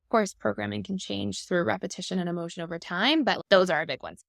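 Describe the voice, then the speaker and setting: A woman's voice: mid-range voice, steady tone, quick pace, vocal fry, no room sound, studio quality. A woman in her thirties, a guest expert, explaining attachment styles in a fluent, upbeat conversational way.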